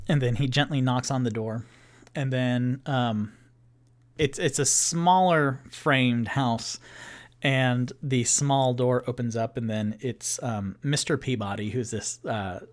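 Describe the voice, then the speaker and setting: A man runs a one-person tabletop game on a livestream, narrating slowly and loosely. He stops often on fillers and restarts his sentences as he works out the scene. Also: mid-range voice. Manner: meandering, filler-heavy narration. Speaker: game master playing solo.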